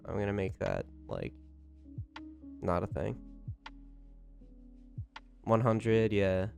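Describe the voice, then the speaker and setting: A young adult man streaming live, chatting casually and greeting viewers by name, recovering from a cold, with loud excited bursts when he thanks people. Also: on the low side, takes it slowly, vocal fry, faint music behind.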